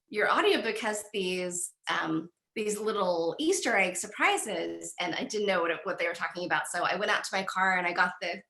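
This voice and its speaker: A woman's voice: mid-range voice, creaky, a bit bright, echoey room. A woman author chatting casually about her book on a video call, rambling and self-deprecating, often restarting her sentences.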